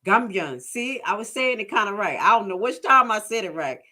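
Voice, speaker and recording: A woman with a bright, forceful voice talks through the day's gossip in a loose, rambling way, full of jokes and asides. She keeps stopping to correct herself, then carries on chatting. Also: medium pitch, animated, a little fast. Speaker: commentary vlogger. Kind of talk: casual commentary.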